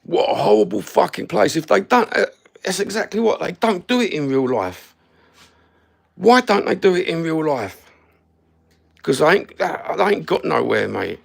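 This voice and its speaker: Bloke having a sweary rant at the camera, gravelly voice, blunt as anything. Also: male voice, sits high, sing-song, normal speed. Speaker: YouTube content creator. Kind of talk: ranting to-camera monologue. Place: standing somewhere, filming himself.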